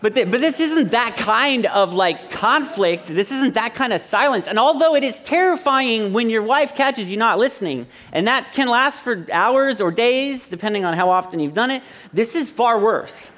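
A man's voice: very high-pitched, animated, normal speed, hardly any pauses, a bit bright. A man preaching a sermon in a conversational, joking way, acting out little quotes between points. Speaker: pastor. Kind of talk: sermon with humorous asides. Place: church service.

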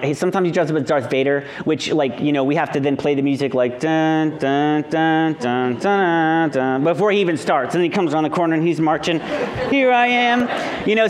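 High-voiced man preaching with playful energy. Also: a little hiss or hum. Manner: animated, jokey, acts out the people in his stories. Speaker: pastor. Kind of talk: conversational sermon with storytelling.

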